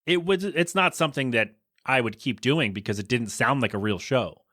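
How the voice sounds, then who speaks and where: A man's voice: medium pitch, normal speed, a bit bright, dry recording. Rambling man hosting a podcast, dry sound. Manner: rambling, restarts often, frank opinions. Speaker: podcast host. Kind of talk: casual solo podcast chat.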